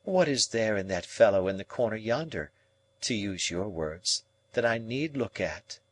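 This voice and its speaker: A man's voice: lowish voice, expressive, a little slow. A man reading a proud, cool young woman. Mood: dismissive.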